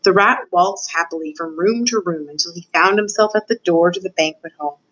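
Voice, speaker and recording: Woman, storybook read-aloud, expressive, lowish voice. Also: brisk, muffled recording. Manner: expressive reading with voiced characters. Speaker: student reader. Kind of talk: reading a children's novel aloud.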